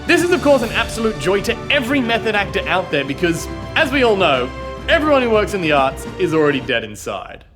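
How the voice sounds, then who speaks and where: A man's voice: high-pitched, sing-song, fast, music in the background. A man co-hosting a comedy show, reading mock news in a mock-serious, playful way.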